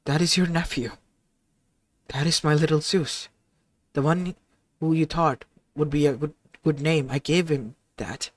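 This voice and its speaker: Rich: A motherly goddess, tender and grieving, her words halting, as a man voices her in his own fairly high register. Recorded close and dry. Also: dry recording. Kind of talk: improvised fan-fiction audio story.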